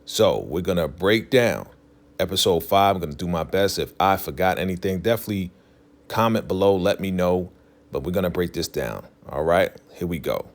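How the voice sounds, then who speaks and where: Low-voiced male vlogger, laid-back episode recap, filler-heavy delivery. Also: expressive, normal speed. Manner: loose, filler-heavy retelling, leans on "definitely" and "you know".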